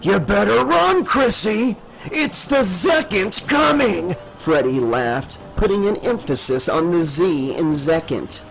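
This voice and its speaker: A man reading a horror audiobook as narrator in a measured, dramatic storytelling manner. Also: on the high side, rough recording.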